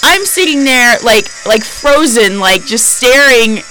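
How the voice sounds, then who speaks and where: Chatty woman podcast host, hushed spooky tone. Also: lively intonation, unhurried, soft background music, poor audio. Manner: lowered spooky storytelling voice; chatty, filler-heavy, emphatic. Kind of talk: casual storytelling.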